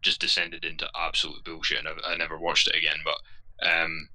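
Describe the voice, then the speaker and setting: A man's voice: rumbling low, monotone, brisk, pushed and bright, low-quality recording. A man hosting a geeky livestream panel, talking in a rambling casual way with frequent restarts and the odd swear word. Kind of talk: casual group discussion.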